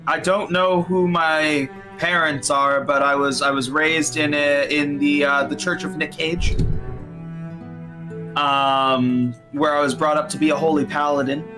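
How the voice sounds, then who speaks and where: Slow, halting man in role-play. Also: on the high side, flat delivery, sharp tone, soft background music. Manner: hesitant, halting. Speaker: player.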